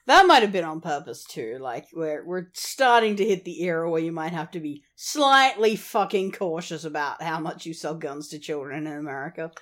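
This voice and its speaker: A podcast co-host chatting casually, quick-witted and animated, who laughs a lot. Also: medium pitch. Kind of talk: casual chat.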